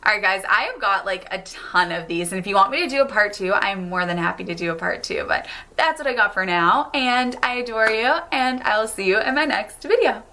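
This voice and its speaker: American woman vlogger, bright, chatty, casual and upbeat. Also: medium pitch, expressive, fairly quick, a little hiss or hum. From United States. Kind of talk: casual vlog talk.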